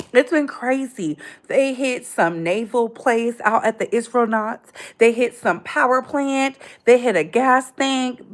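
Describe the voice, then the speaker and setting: Woman, 30s, livestream host; slangy, animated gossip commentary, voice sits a touch high. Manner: chatty, animated, slangy, calls viewers "baby".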